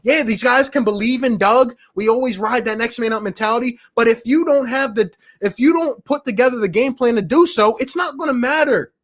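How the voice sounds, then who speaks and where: A man's voice: very high voice, fairly quick, hardly any pauses. A man hosting a live post-game sports show, ranting with passion and frustration, reading viewer messages and calling them bro and my guy. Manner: casual slang, calls viewers bro and my guy. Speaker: sports talk show host.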